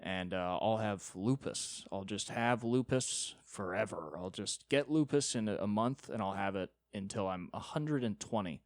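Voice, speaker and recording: A man's voice: lowish voice, moderate pace, hardly any pauses, no room sound, clean studio sound. A young man hosting a solo comedy podcast, telling a rambling, profane, self-deprecating story.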